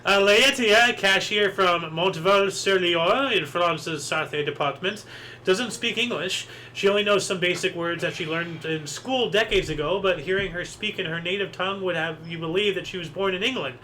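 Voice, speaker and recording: Bright, high-voiced man reading oddball news. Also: normal speed, a little hiss or hum, low-quality recording. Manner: joking, rambling, reads headlines aloud. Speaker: host. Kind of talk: casual news recap chat.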